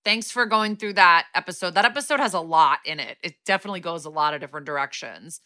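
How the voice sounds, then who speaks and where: A woman's voice: lowish voice, fast talker, no echo, clean studio sound. A woman co-hosting a podcast, reacting and chatting casually with lots of "like". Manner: relaxed, filler-heavy reactions. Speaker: podcast co-host. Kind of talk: casual chat.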